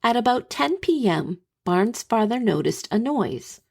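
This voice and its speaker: A woman podcast host reading a scripted historical narration in a measured, dramatic storytelling manner. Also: a little high, sing-song, gravelly, darkish tone, slightly rough.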